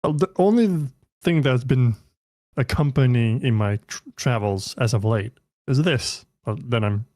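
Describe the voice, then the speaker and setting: A man's voice: medium pitch, unhurried, darkish tone, no echo, clean studio sound. Man casually playing a tabletop game. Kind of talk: casual in-character play.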